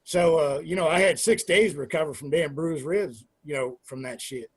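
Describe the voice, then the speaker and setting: A man in his forties, a former pro wrestler, telling profane, animated stories in an interview and acting out quoted dialogue. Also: on the high side, moderate pace, slightly rough, no room sound. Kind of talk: casual storytelling interview.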